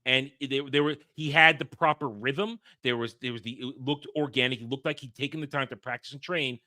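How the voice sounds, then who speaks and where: Bright-voiced opinionated man reviewing films. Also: medium pitch, fairly quick, no echo, clean studio sound. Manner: opinionated, animated, emphatic rants. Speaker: podcast host reviewing a film. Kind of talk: casual film review chat.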